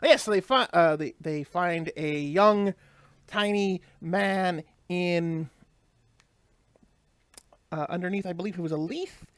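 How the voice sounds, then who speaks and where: A man's voice: sits high, takes it slowly, long pauses, clear, resonant tone, no room sound. A man hosting a let's play, giving casual, rambling gameplay commentary and explaining the lore as he goes. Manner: rambling, explanatory, many fillers and restarts.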